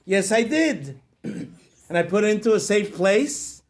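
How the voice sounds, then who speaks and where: A man's voice: sits high, animated, unhurried, voice pushed up. A man voicing a cheerful, always-smiling man. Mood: reassuring. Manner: warm, upbeat greetings.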